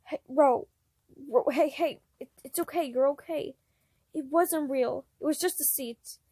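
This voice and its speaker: An anxious, gentle young man with a soft, halting voice, as a woman acts him out. He sounds tender and unsure in a read-aloud storybook, recorded close and dry. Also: high-pitched, no room sound. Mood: soothing.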